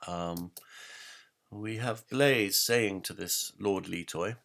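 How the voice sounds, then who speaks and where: Deep gravelly man explaining old poems. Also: fairly bright tone. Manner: halting, many ums, reads quotations aloud. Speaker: lecturer. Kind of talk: explanatory lecture on literary history.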